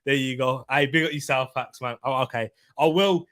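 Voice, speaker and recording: A man's voice: mid-range voice, normal speed, fairly bright tone, dry recording, clean studio sound. A man co-hosting a football preview stream, chatting casually with viewers, laughing often and tripping over repeated words. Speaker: football preview show co-host.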